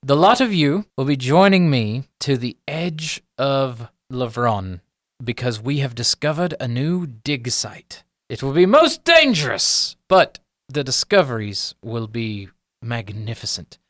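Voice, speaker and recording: A man's voice: mid-range voice, big pitch swings, unhurried, fairly bright tone, no room sound, clean studio sound. A man voicing an eccentric, flustered gnome professor who talks grandly about his research. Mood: grandiose.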